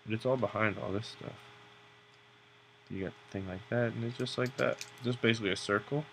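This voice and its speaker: Gravelly young man rambling while drawing. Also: on the low side, steady tone, a little fast, fairly bright tone, slight background noise. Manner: rambling, joking, self-mocking. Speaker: drawing tutorial host. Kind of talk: casual narration while drawing.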